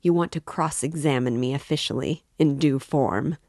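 A woman's voice: very deep voice, normal speed, darkish tone, dry recording, clean studio sound. A woman reading an audiobook voices a proud, wary young male student who answers curtly and with contempt. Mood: haughty guarded. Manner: haughty, curt and wary.

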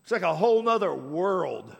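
A middle-aged pastor from Washington State preaches a sermon, telling stories and repeating phrases as he builds his point. His high-pitched, sing-song voice is gravelly and slightly rough, moving at a moderate pace in a large hall.

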